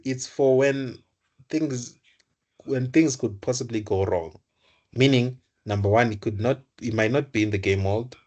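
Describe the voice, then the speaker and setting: A man's voice: lowish voice, a little mellow. A young man tutoring computer science, explaining code aloud, often correcting himself and repeating words. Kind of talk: live coding lesson.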